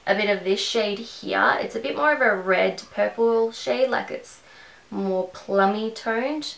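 A chatty Australian woman rambling through a makeup tutorial at home. Her voice has a gravelly, fry-tinged edge, and the room around her sounds echoey. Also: mid-range voice, measured pace, a bit bright. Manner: rambling, conversational. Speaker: beauty vlogger.

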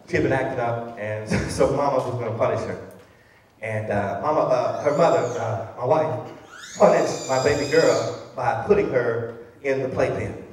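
A man preaching a sermon as a pastor, shifting between loud exclamations and soft, conversational asides. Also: medium pitch. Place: large church sanctuary. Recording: very echoey hall, voice heard from a distance.

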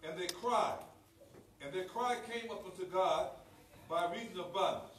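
A man reading scripture aloud during a service, in a plain, steady way. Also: high voice, moderate pace, distant mic. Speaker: scripture reader. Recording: roomy church recording from afar.

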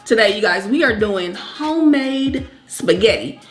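A woman's voice: medium pitch, expressive, a little slow. A woman co-hosting a mukbang, chatting casually and laughing easily as she eats. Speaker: co-host of a mukbang channel. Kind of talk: casual chat while eating.

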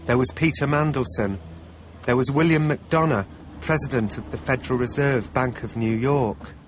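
A man of middle pitch narrates a documentary in the first person, measured and wry. Faint ambient noise hums underneath.

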